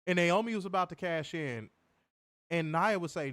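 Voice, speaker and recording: A man's voice: high voice, normal speed, a bit bright, no room sound, studio quality. A man hosting a wrestling review podcast, ranting and mocking in profane comedic commentary, laughing often.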